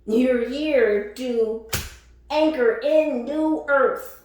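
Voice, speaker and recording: Woman, spiritual reading, slow, emphatic, profane, laughing, echoey room. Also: high voice, a little mellow, a little hiss or hum. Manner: blunt and profane, laughing between lines; emphatic, repeats phrases for effect. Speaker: spiritual reader. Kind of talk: casual spiritual reading to camera.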